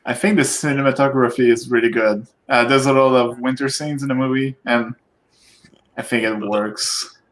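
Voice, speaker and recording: A man's voice: mid-range voice, fairly even intonation, moderate pace, a bit bright. Male guest, mid voice, hesitant and filler-heavy. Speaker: podcast guest. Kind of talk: casual chat.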